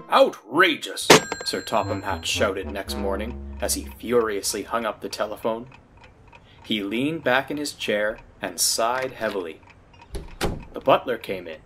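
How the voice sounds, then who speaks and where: A man narrating a children's railway story in an expressive storybook style. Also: fairly low pitch. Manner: lively, expressive reading. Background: loud music.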